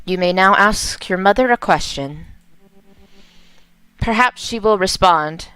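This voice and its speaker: A woman voicing a calm female psychic who speaks in a measured, solemn way. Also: mid-range voice, clean tone, no room sound, faint music behind, close to an everyday voice, low-quality recording.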